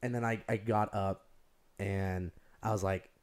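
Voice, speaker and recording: A young man telling stories in a rambling, animated way, using "like" over and over. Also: fairly low pitch, measured pace, clean tone. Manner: rambling, heavy use of "like", animated storytelling. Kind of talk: casual chat.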